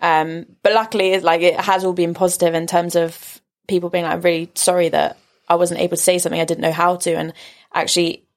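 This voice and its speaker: A young woman with an English accent, a podcast guest speaking openly and reflectively in relaxed conversation. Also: lowish voice, quick pace. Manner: open, reflective, frequent "like". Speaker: podcast guest, rugby player.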